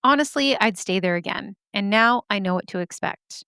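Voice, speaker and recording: A woman hosting a spooky story podcast, chatty and animated, swearing and laughing at herself as she reads listener stories. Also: medium pitch, normal speed, clear, resonant tone, no echo, studio quality. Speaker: podcast host.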